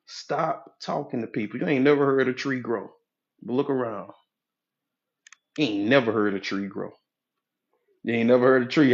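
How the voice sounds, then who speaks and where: A man's voice: mid-range voice, normal speed, pauses often, highs cut off. A man giving a motivational talk in a live audio app room, speaking in a preachy, folksy way, repeating his points for emphasis. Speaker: motivational speaker, hypnotherapy coach.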